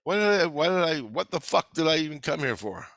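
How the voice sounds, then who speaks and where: A man's voice: a little high, big pitch swings, a little fast, fairly bright tone, no room sound, clean studio sound, voice pushed up. A man voicing the spirit of a sixteen-year-old boy, who asks swearing, indignant questions.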